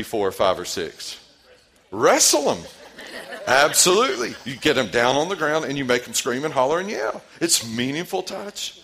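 A man's voice: mid-range voice, fairly bright tone. A man in his forties, a pastor leading a parenting seminar, who asks the audience questions and repeats their answers. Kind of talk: interactive seminar talk.

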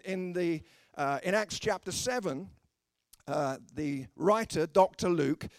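A man's voice: high-pitched, dry recording, clean studio sound. A man preaching a sermon with emphasis, breaking into joking asides to the congregation.

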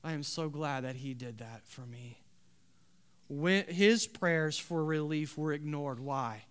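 High bright clear-voiced guy preaching a sermon, gets loud then drops soft. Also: slow. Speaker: pastor.

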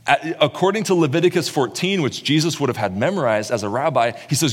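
A man preaching a sermon, telling the story in an animated way and acting out the words of its characters. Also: fairly high pitch, fast, few pauses, husky. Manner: animated storyteller who acts out quotes. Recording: long reverb in a large hall.

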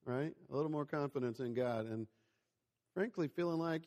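A man's voice: fairly high pitch, normal speed, a little mellow. A man in his forties giving a conversational sermon, telling stories and asking the listeners questions. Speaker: preacher. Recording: long hall reverb.

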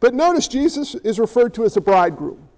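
High-voiced joking pastor. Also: male voice, sing-song, fairly quick, darkish tone, low-quality recording. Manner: conversational, joking, asks the congregation questions. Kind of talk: sermon.

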